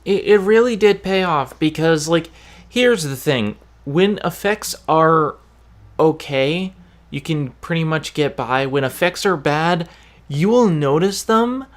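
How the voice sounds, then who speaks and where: Podcast host, slow deliberate delivery, restarts while explaining views. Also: mid-range voice, expressive. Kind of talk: casual chat.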